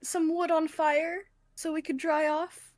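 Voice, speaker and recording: A woman playing a tabletop game, speaking in a gentle, amused way. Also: extremely high pitch, flat delivery, measured pace. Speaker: player.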